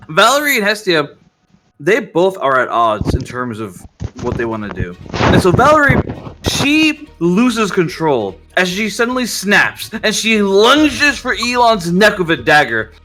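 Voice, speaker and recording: A man narrating as game master of an online tabletop game, with a lively manner. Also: high voice. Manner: lively, laughs off his own slips. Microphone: online voice call.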